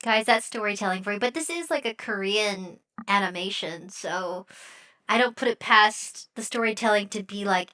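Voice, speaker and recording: A woman's voice: mid-range voice, normal speed, pushed and bright, no echo, clean studio sound, far from the mic. A young woman streaming as a VTuber, chatting casually and playfully while reacting to a show, giggling and teasing her chat.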